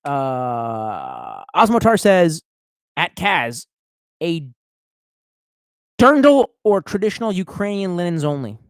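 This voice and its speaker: A man's voice: fairly high pitch, huge pitch swings, slow pace, pauses often, clear, resonant tone, no room sound. A tipsy man streaming live, reading out chat and rambling in a profane, off-the-cuff way. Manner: profane, rambling, swerving between mumbles and outbursts.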